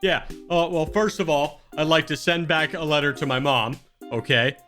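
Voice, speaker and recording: Goofy guy playing d&d, bright voice, faint music behind. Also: fairly high pitch, normal speed. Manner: playful, laughing, goofy. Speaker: player. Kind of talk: casual tabletop role-play.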